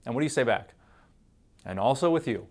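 A man's voice: medium pitch, lively intonation, fairly quick. A man preaching a devotional sermon in a conversational, playful way, stacking emphatic lists and breaking into laughs. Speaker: pastor.

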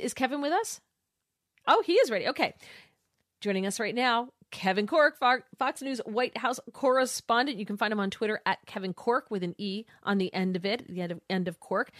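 A woman's voice: medium pitch, fairly bright tone, no room sound, studio quality. Chatty woman talk radio host. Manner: chatty and giggly, with frequent fillers. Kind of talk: casual talk radio chat.

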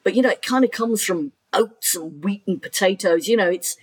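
A woman joining a podcast as guest co-host, chatting in a relaxed, wry storytelling way. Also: medium pitch, normal speed, slightly rough. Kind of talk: casual podcast chat.

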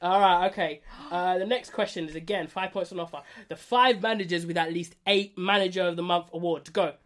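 A man's voice: high voice, fairly bright tone. A man hosting a casual football quiz among friends, teasing the players as he goes. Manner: fast, teasing, banters with players. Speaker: quiz host.

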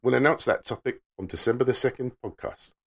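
A podcast co-host reading through membership details in a brisk, plain way, with occasional laughs. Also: mid-range voice, a bit bright.

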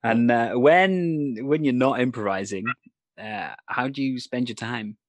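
A man's voice: mid-range voice, measured pace, no room sound. A man hosting a casual interview, asking friendly questions and laughing along. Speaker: interview host.

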